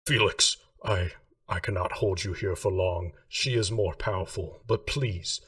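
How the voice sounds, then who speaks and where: A deep, guttural spirit pleads with strained urgency, voiced by a man. It sounds exasperated and pressed for time, and the voice sits back from the mic. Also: measured pace, a bit bright, distant mic. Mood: urgent.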